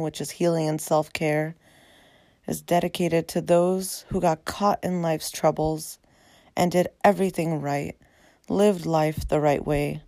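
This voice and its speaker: A woman hosting her own podcast, reflective and heartfelt, her voice raspy after a long day. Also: low voice, mellow, no echo. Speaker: podcast host. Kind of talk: personal podcast monologue.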